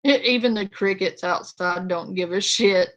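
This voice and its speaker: A woman's voice: mid-range voice, normal speed, lo-fi sound. A woman streamer giving casual, sarcastic commentary on a clip, blunt and swearing. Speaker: reaction streamer.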